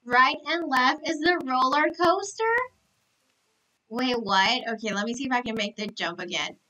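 A young woman live-streaming a game, gushing with excitement, gasping and repeating herself. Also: high-pitched, moderate pace, poor audio.

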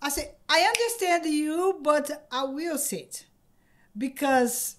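Excited high-voiced woman. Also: slight background noise. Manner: excited, laughing, halting with many repeated words. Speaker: podcast guest. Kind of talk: casual storytelling. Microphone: podcast microphone.

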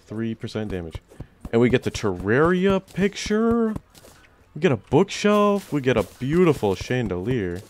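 A young man giving excited let's-play commentary, often jumping into loud, high-pitched outbursts. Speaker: gaming YouTuber.

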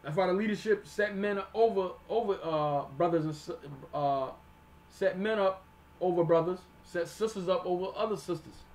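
High-voiced man preaching from scripture. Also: darkish tone. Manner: reads verses slowly then explains in plain street talk; repeats "all right?" to check on listeners. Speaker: teacher. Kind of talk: scripture teaching sermon.

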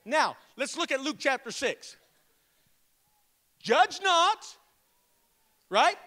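Male pastor, sermon delivery: very high, bright, forceful voice; call-and-response, slow, stressed scripture reading. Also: very animated. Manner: emphatic call-and-response preaching; slows and stresses each word when reading scripture.

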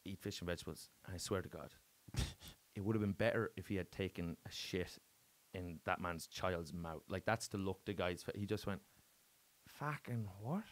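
A man's voice: low voice, steady tone, normal speed. A man with an Irish accent, a comedian chatting casually as a guest and telling stories, swearing freely with bursts of emphasis. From Ireland. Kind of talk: casual chat.

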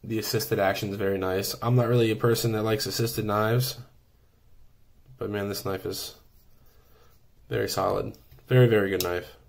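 Man, casual unboxing review, low pitch, enthusiastic, rambling, lots of ums. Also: fairly even intonation, moderate pace, gravelly, long pauses. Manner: enthusiastic, rambling with many fillers. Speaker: knife reviewer.

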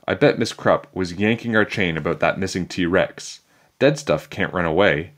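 A man reading a children's chapter book aloud in a playful, animated storytelling manner. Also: low voice, moderate pace. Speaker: storybook reader.

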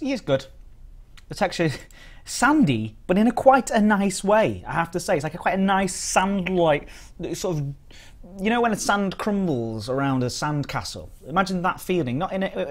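A man from the United Kingdom chatting casually on a live stream as he reviews biscuits and reads out the chat. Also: a little high.

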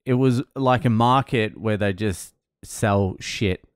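Low-voiced sweary male comedian ranting. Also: takes it slowly, clear, resonant tone, no echo, clean studio sound. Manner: profane, rambling, sardonic. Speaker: comedian host. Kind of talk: comedic monologue rant.

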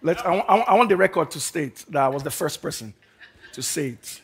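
A man's voice: a little high, lively intonation, brisk. A man preaching a sermon to a congregation as pastor, emphatic and fervent, leading the people in call and response. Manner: emphatic, building to fervent declarations. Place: church service before a congregation.

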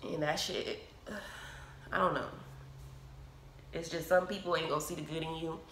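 A low-voiced woman, tearful and slightly choked, tells her story with a bright, forceful edge and plenty of "like"s. The sound is roomy, with a faint hiss underneath. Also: fairly even intonation. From United States. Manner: emotional, tearful, fast casual chat with many fillers. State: teary with a frog in her throat. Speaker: vlogger. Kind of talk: casual storytime vlog.

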